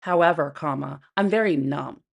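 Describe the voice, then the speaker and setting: Woman, livestream host, gravelly voice, lowish pitch, blunt, profane, casual chat at home. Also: moderate pace. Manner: blunt and profane, laughing often, talking to viewers and her pet.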